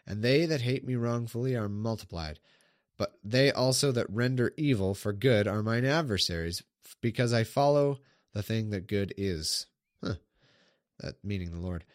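A man's voice: on the low side, normal speed, dry recording, clean studio sound. A man reads old scripture aloud in a casual way and breaks off into irreverent, sarcastic remarks. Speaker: Bible reader. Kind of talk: casual reading aloud with commentary.

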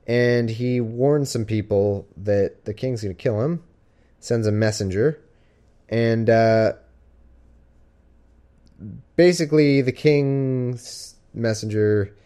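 Mellow-voiced man rambling on a livestream. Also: medium pitch, slow pace, pauses often, smooth. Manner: rambling, joking, with many fillers. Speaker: podcast host. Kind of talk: casual livestream chat. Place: at home with his cat.

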